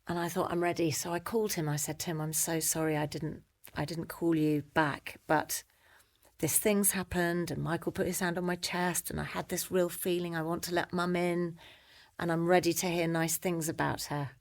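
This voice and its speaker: A middle-aged British woman, a guest in a conversation, telling a personal story in an animated way and acting out the voices she quotes. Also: lowish voice, moderate pace. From Britain.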